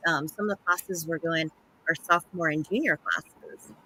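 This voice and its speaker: A woman's voice: low voice, moderate pace, sharp tone, slight background noise. A woman, a guest speaking openly and chattily as a parent in a casual conversation. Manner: chatty and open, talks as a parent. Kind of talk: casual chat.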